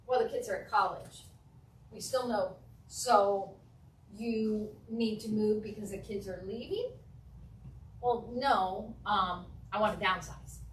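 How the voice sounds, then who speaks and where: A woman teaching a real estate class, acting out client conversations in a lively, animated way. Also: mid-range voice, slow pace, a little hiss or hum. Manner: animated, acts out client dialogues. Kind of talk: classroom training talk. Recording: echoey room from a distance.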